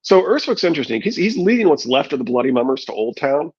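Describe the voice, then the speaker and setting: A man's voice: on the high side, sing-song, fast talker, breathy edge, lo-fi sound. A man reading a novel aloud and adding wry, thoughtful commentary. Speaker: podcast host reading aloud.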